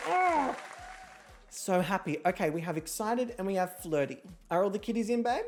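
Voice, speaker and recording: Excitable, chatty woman stream host. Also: medium pitch, moderate pace, music in the background, crowd noise. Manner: chatty and excitable, swears freely, talks to her pets. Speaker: host of an online reality show game stream. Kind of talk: casual livestream chat. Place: at home at her computer.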